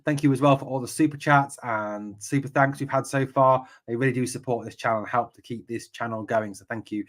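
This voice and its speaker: A man's voice: mid-range voice, steady tone, fairly quick. An English man hosting a live football podcast, reading out viewer comments and answering them in a chatty way with many ums. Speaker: podcast host.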